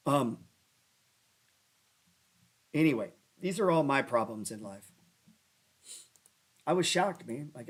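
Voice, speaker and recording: A man hosting a casual stock trading show, rambling and cursing as he talks through charts and breaks into loud rants. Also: medium pitch, slightly rough. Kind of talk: casual livestream chat over stock charts. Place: lives in New Orleans.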